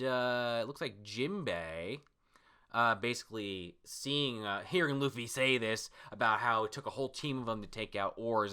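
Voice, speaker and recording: Male reviewer, casual and excitable, very bright voice, swears often. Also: on the low side. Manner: excitable, swears, many fillers. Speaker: comic reviewer. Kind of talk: casual reaction commentary.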